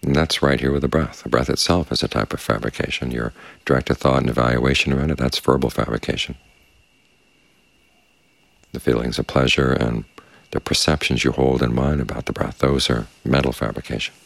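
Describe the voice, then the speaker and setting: A man teaches meditation in a very deep, gravelly voice. He talks calmly and without hurry, guiding his listeners. The sound is dry and close, with almost no room echo. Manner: calm, measured, unhurried. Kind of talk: dharma talk. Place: quiet meditation space with crickets outside.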